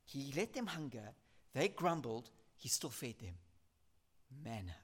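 Very animated, with a medium pitch and a breathy edge, a male preacher delivers an earnest, emphatic sermon. Repetition drives his points home, and he reads passages of scripture aloud at a slow pace.

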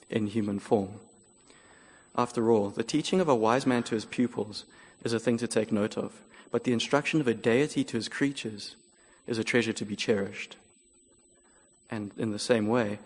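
A man delivers a sermon in a measured, earnest manner, working through a scripture passage point by point. His voice sits at a middle pitch. The sound carries the long reverb of a large church hall. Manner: measured, earnest expository preaching. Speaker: preacher.

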